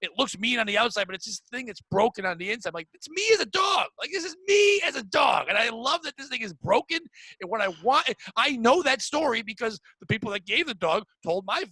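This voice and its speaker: A middle-aged man talks in a high, bright voice, recorded dry and close. He hosts a podcast and vents in a blunt, profane, rapid rush. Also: no echo, rough recording. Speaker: podcast host. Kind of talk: casual chat. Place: home room.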